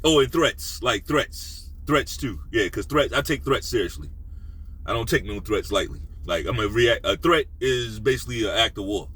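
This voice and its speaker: A man hosting a sports talk video, ranting bluntly and profanely, sometimes dropping to a low menacing voice. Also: animated, moderate pace, fairly bright tone, breathy edge, rough recording. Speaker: sports commentary host. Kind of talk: casual opinion rant.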